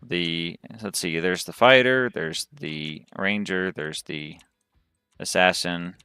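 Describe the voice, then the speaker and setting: A man's voice: low voice, slow, bright, forceful tone, smooth, no echo, studio quality, faint music behind. A man from the southern United States giving chatty, rambling commentary as he plays a game on a livestream. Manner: chatty, rambling, thinks aloud while playing. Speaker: game streamer.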